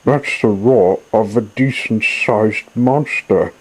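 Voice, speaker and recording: A man doing a hurried, matter-of-fact lion. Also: lowish voice, husky, low-quality recording. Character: fleeing male lion, brisk and matter-of-fact.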